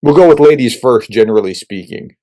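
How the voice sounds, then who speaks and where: A man's voice: medium pitch, lively intonation, brisk, dark tone. A man hosting a conversational interview, informal and emphatic, asking long rambling questions. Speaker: host.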